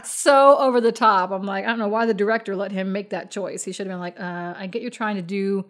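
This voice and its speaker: A woman's voice: medium pitch, fairly even intonation, fast talker. A woman in casual conversation, talking animatedly and laughing often, quoting characters as she explains. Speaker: fan chatting about books and films. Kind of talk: casual chat.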